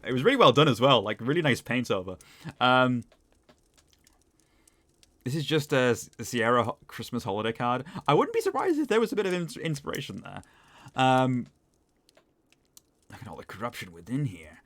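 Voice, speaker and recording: Chatty Northern English streamer. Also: male voice, medium pitch, big pitch swings, moderate pace, long pauses, a bit bright, no echo. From north of England. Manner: chatty, laughs often, self-deprecating. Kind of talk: game playthrough commentary.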